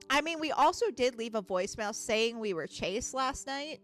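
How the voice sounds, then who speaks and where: Chatty woman streamer, casual and profane, high lively voice. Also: moderate pace, hardly any pauses, soft background music. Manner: chatty, swears freely, laughs often. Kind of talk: casual gaming commentary.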